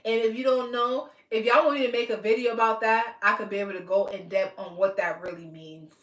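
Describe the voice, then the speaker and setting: A woman's voice: on the high side, fairly even intonation, brisk, a bit bright. A woman hosting a podcast, talking bluntly and emphatically in casual commentary, lecturing her listeners. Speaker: podcast host. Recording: echoey room.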